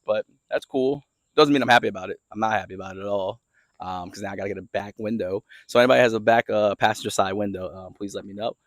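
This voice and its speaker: A man's voice: lowish voice, fast, no echo. A young man telling a casual story in a rambling, laid-back way, filming himself outdoors as he walks around in his yard. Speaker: car vlogger. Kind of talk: casual vlog story time.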